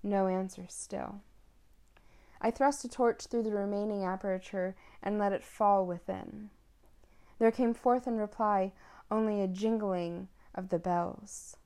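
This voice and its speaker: A woman reading a classic short story aloud in a measured, hushed dramatic way. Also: mid-range voice, fairly even intonation. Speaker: reader.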